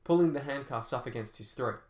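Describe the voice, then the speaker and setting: A man's voice: mid-range voice, a little fast, darkish tone. A man narrating an action novel as an audiobook, telling fight scenes dramatically with shifting pace. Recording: roomy echo.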